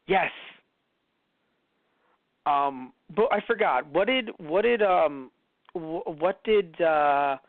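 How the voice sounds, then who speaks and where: Male podcast co-host, high-ish voice, rambling and animated with quotes; dry, phone-like audio. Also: slow pace, long pauses, no room sound. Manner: rambling, lots of fillers and restarts, acts out quotes in changing voices. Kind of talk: casual chat.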